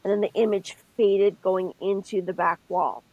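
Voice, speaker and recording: A middle-aged woman co-hosts a casual podcast chat, telling stories and explaining things step by step. Her voice is breathy and husky. The sound is dry and close, with no room around it. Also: mid-range voice, steady tone, moderate pace, no room sound, dull audio. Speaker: podcast co-host.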